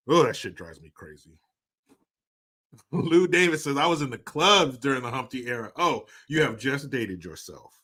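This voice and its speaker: A man's voice: medium pitch, lively intonation, moderate pace, sharp tone. A man in his forties hosting a live stream, casually chatting and reading out viewer comments in a jokey, profane way, laughing often. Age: 40s.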